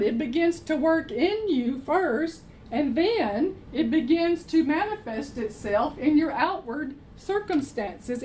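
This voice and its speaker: A woman's voice: high voice, a little mellow, slight background noise, poor audio. A woman preaching a sermon, emphatic, repeating her phrases and answering her own questions.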